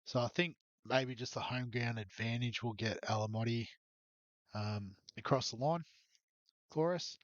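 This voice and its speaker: A fantasy sports YouTuber with a medium-pitched voice talks a little slowly about his fantasy rugby league side, hesitant, rambling, and full of ums while hiccuping. The recording is dry and the audio dull.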